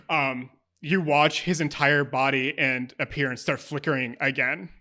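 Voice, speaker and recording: A man running a tabletop role-playing game, describing scenes in an easygoing, descriptive way. His voice sits a little high and sounds bright and forward. He laughs easily between descriptions. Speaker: game master.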